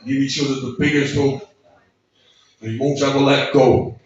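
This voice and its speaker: A man reading out an emotional tribute speech, halting, swearing often and close to tears. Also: mid-range voice, fairly even intonation. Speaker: speaker at a memorial birthday gathering. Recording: echoey room, distant mic, dull sound.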